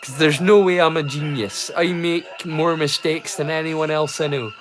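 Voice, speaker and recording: Faint music plays behind a drunk Scottish livestream host who rambles, swears offhandedly and runs himself down. He talks at a moderate pace in a fairly high, slightly bright voice with fairly even intonation.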